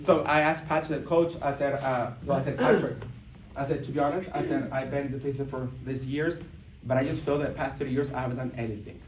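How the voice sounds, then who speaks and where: A man telling a story to a live audience at a business event, animated, acting out what people said, with many restarts. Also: mid-range voice, brisk, music in the background. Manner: animated, acts out dialogue, frequent restarts. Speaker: motivational speaker at a business event. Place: large indoor event room. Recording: echoey hall, mic heard from a distance.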